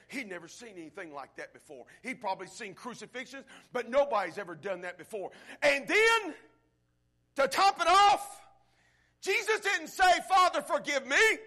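High bright preacher building to shouts. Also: male voice. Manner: swings from hushed to shouting, rhythmic build-ups; addresses the congregation directly. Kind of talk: sermon.

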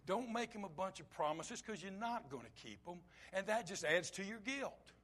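A man preaching a sermon, swinging from loud emphatic lines to quiet low asides and acting out short bits of dialogue. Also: animated, normal speed. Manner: acts out short quoted dialogue.

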